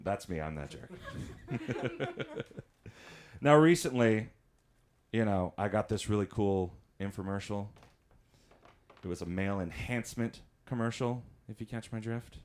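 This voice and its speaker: A man's voice: fairly low pitch, expressive, unhurried, pauses often, darkish tone. A man doing stand-up comedy, telling chatty stories, laughing at his own jokes and acting out voices.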